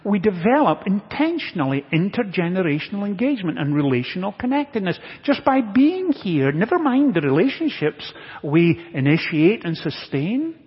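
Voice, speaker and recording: High-voiced pastor in an echoing sanctuary. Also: male voice, sing-song, normal speed, few pauses, husky. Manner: earnest, builds to emphatic repetition. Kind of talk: sermon. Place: church sanctuary. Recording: dull lo-fi audio with long church reverb.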